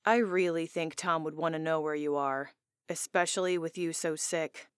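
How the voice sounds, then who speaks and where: A woman voicing a caring young man who looks after a sick friend, in a concerned and gently urging manner. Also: low-pitched, fairly even intonation, normal speed, clear, resonant tone, no echo, studio quality, close to an everyday voice. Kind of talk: audiobook character dialogue.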